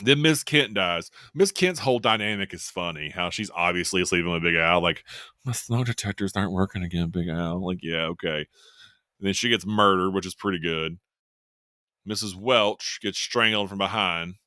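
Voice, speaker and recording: A man's voice: deep voice, moderate pace, sharp tone, clear, resonant tone, dry recording, clean studio sound. A man co-hosting a podcast, rambling through a casual recap with amused laughs. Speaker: podcast co-host. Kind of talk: casual chat recapping a horror film.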